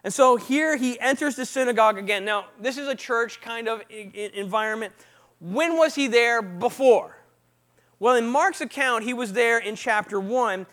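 High-voiced man preaching a lively sermon. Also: moderate pace. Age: not young. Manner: lively, quizzes the audience with frequent "right?" and "what?". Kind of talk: conversational sermon.

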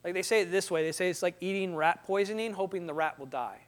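A young man giving a lively motivational talk to an audience, acting out little scenes and voices as he tells stories. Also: high-pitched, fast talker. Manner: animated, acts out voices and sound effects. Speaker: speaker.

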